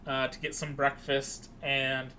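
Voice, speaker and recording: Bright-voiced young man recapping a film. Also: medium pitch, unhurried, a little hiss or hum. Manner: animated, acts out quoted lines with raised voice. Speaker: podcast co-host. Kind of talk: casual chat recapping a film.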